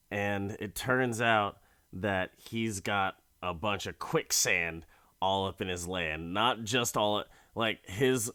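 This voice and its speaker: Speaking into a studio mic with headphones, a male podcast host recaps an episode with profanity, jokes, and plenty of rambling. His voice is on the low side and a bit bright, with a clean tone and a dry recording.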